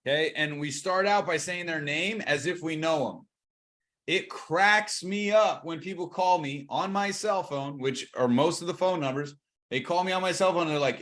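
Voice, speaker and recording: A man coaching on cold calling, energetic and acting out both sides of the calls. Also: on the high side, moderate pace. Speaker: real estate coach.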